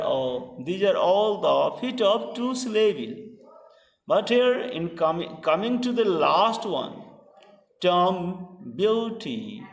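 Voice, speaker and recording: A man giving a slow, deliberate poetry lecture, asking rhetorical questions and pausing with fillers. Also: sits high. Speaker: literature lecturer. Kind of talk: classroom-style poetry lecture. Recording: distant mic in a reverberant room.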